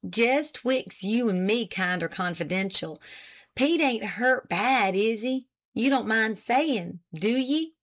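A woman's voice: medium pitch, lively intonation, a little slow, gravelly, a bit bright. Woman doing a drawling old country man. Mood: wheedling. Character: old rustic New England man, anxious, folksy.

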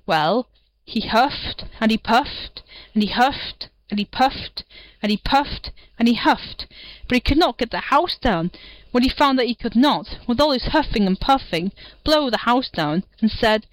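A woman reading a fairy tale aloud for a volunteer audiobook, clear and measured. Her voice sits fairly high, and the recording is dry and close to the mic. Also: expressive, no room sound, poor audio. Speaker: audiobook reader. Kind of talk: storybook reading.

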